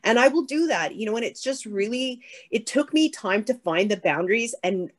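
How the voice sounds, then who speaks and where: A woman answering a question as a keynote speaker, earnest and firm, with a lively, animated way of talking. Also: on the high side, normal speed. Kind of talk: conversational answer on stage.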